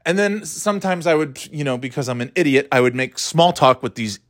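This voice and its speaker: A man's voice: fairly high pitch, brisk, no echo, studio quality. A middle-aged man ranting casually, swearing often, sarcastic and grumbling, often stumbling and restarting his words. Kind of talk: rambling casual rant.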